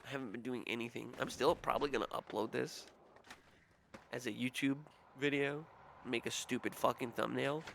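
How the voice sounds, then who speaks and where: A young male streamer tells stories in a casual, profane, exasperated rant, mimicking the voices of the people he quotes. His voice is mid-range and gravelly with a fairly bright tone, spoken at normal speed with fairly even intonation. There's a little hiss or hum in the recording.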